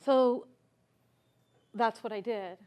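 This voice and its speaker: A woman's voice: a little high, takes it slowly, smooth, highs cut off. A woman speaking at a conference, telling a personal story in an earnest, reflective way and asking the audience questions. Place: conference stage.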